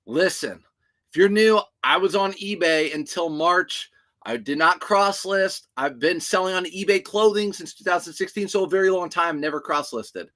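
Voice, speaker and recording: A young man chats casually on a livestream, reading viewers' questions aloud and answering each one plainly. His voice sits a little high and sounds bright and forceful. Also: moderate pace. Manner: chatty, reads out viewer questions and answers them directly. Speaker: reseller livestream host.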